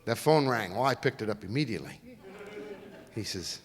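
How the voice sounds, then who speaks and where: A man's voice: on the low side, moderate pace. A middle-aged man, telling folksy stories as a guest speaker at a lecture. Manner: folksy, lively, acts out quoted voices. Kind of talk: storytelling lecture. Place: lecture hall. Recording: reverberant lecture hall.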